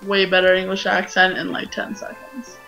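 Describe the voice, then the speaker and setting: A woman's voice: medium pitch, little pitch movement, normal speed, creaky, sharp tone, highs cut off, faint music behind. Giggly young woman teasing over gameplay. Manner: giggly, teasing banter, laughs often. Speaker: co-host of a gameplay video. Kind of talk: casual gaming commentary.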